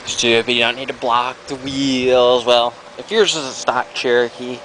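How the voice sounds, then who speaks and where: Casual man narrating a car repair to a handheld camera, mid-pitched, loose and self-deprecating, with garage hum and engine noise behind. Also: fairly bright tone, rough recording. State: has the hiccups. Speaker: vlogger. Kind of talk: casual how-to walkthrough.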